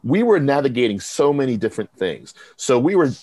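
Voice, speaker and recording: A man's voice: mid-range voice, brisk, no room sound. A man, a professor from Texas, telling stories in a casual interview and acting out what others said. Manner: animated, quotes others in lively bursts. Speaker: professor and program director. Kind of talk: conversational interview storytelling.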